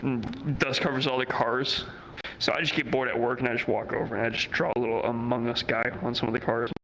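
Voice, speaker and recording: A man's voice: medium pitch, a little fast, vocal fry, slight background noise, rough recording. A young adult man streaming live, telling a story in casual talk, swearing a lot and acting out the people he quotes. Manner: profane, animated, acts out the people he quotes.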